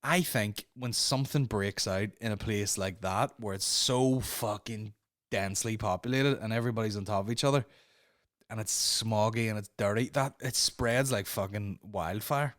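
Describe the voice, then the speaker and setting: A man's voice: fairly low pitch, normal speed, a bit bright, dry recording, clean studio sound. Man rambling through a profane comedy rant. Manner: rambling, profane, laughing at his own jokes. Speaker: podcast host. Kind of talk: comedic monologue.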